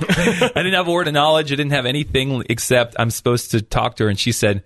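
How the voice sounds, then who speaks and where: A man on a radio show tells his faith story in an earnest, storytelling way, breaking into small laughs. His voice sits in a middle pitch. The sound is dry, like a close studio mic. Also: fairly even intonation, a little fast, a bit bright, dry recording. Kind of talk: testimony and prayer.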